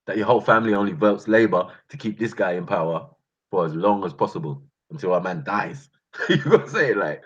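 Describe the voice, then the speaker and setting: A man with a deep, husky voice and a brisk pace hosts a channel, narrating street stories in a London accent from North London. His casual monologue is animated, slangy and punctuated by laughs, captured on a dull lo-fi recording.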